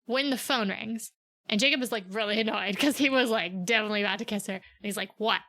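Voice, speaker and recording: A young adult woman co-hosting a podcast, casually retelling a book's plot with sarcastic asides and quick acted-out quotes. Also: medium pitch. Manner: animated, sarcastic retelling, slips into quick character voices. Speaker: podcast co-host.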